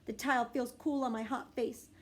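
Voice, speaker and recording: A woman reading a children's storybook aloud with expressive narration and lively character voices. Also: moderate pace. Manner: voices a young girl with bursts of high excitement. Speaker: audiobook reader.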